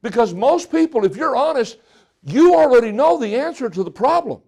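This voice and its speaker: A middle-aged male pastor delivers a folksy sermon, with a high-pitched voice. He jokes with the congregation and acts out little exchanges between people. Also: big pitch swings, normal speed, gravelly, a little mellow.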